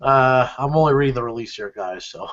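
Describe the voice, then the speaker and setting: A man's voice: medium pitch, brisk, fairly bright tone. A man co-hosting a podcast, reading news items aloud with frequent hesitations. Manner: hesitant, many "uh"s, reads releases aloud. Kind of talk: news reading mixed with casual chat. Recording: dull lo-fi podcast audio.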